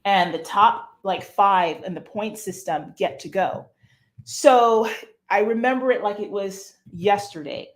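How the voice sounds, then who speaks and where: A woman guest in a casual interview, speaking at an everyday pitch. She tells her story with lively, expressive energy and an easy, chatty flow. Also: unhurried.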